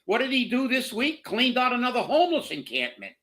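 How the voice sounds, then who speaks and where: A man rants on a political talk show, furious and profane, tripping over his own words as he talks. His voice sits high for a man and sounds bright and edgy. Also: wildly swooping pitch, a little fast. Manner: heated, profane, repeats words when worked up. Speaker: co-host of political commentary show. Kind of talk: angry political rant.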